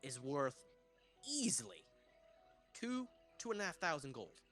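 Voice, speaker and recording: A man's voice: medium pitch, wildly swooping pitch, unhurried, a bit bright, soft background music. Man running a tabletop game, casual. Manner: casual, loose, swears. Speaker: game master.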